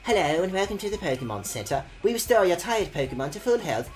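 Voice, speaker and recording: A streamer reading the lines of a polite nurse character in a game, in a quiet, mock-courteous tone. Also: medium pitch, very animated, fast, faint music behind, lightly acted. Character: polite Pokemon Center nurse, woman, calm.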